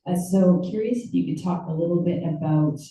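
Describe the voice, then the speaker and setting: A woman hosting a book conversation, asking questions in a halting way with many fillers. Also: on the low side, warm tone, distant mic. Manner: hesitant, lots of uh and um fillers. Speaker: event host interviewer. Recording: very echoey room, voice from afar.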